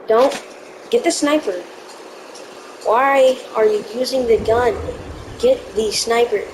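A woman's voice: a little high, slow pace, noisy background. A woman giving live gameplay commentary, jumpy and easily spooked, yelping in panic. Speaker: gaming video creator.

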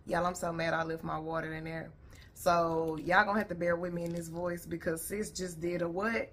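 A woman's voice: fairly low pitch, fairly even intonation, normal speed, a bit bright. A woman vlogger chatting casually to her viewers, blunt and profane, tired and her voice a little worn. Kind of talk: casual reaction video chat. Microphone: headphones on.

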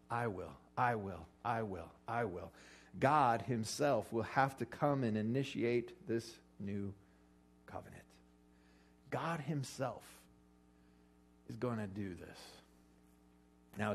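A man preaching a casual, joking sermon, acting out quotes with sudden jumps in pitch. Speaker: pastor. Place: church or hall with an audience eating lunch.

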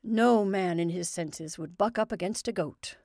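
A woman voicing a gruff, bitter, middle-aged working-class father who blusters and grumbles. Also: fairly low pitch, unhurried, a little mellow, dry recording, studio quality. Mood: gloomy. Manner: surly, blustering.

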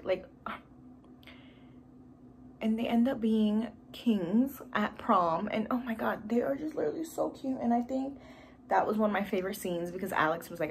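A woman's voice: medium pitch, a little slow, a little hiss or hum. Emotional, rambling woman reviewing a show. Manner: gushing, emotional, rambling with many fillers and sighs. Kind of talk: casual chat. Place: home room with TV behind camera.

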